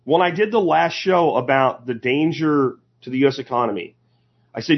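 A man's voice: medium pitch, normal speed, husky. A man hosting a podcast, giving a sarcastic, opinionated commentary monologue that rambles with restarts. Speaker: podcast host. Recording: dull lo-fi recording.

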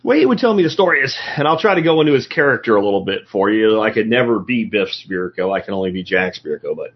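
A man's voice: fairly low pitch, very animated, fast talker, hardly any pauses, slightly rough. A man hosting a show, telling a story in a folksy, blunt, salty way. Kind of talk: casual storytelling. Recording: dull lo-fi recording.

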